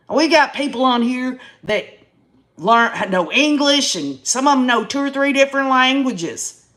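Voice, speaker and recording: A Tennessee woman in her fifties with a Southern accent hosts a casual YouTube live stream, ranting to viewers in folksy country phrasing. Her voice sits high, animated and a bit bright, and she takes her time.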